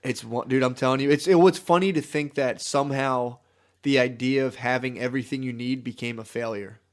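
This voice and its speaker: A man's voice: medium pitch, fairly even intonation, brisk. Rambling young man joking around. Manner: rambling, jokey, acts out quoted voices. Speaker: podcast co-host. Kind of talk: casual chat.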